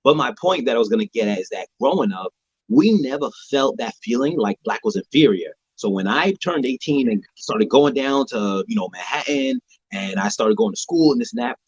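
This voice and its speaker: A man's voice: medium pitch, expressive, fairly quick, slightly rough, dry recording. A young adult man on a podcast, reminiscing in a casual, conversational way and leaning on "like" as a filler. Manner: conversational storytelling, many "like" fillers. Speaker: podcast co-host. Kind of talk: casual chat. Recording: dull lo-fi sound.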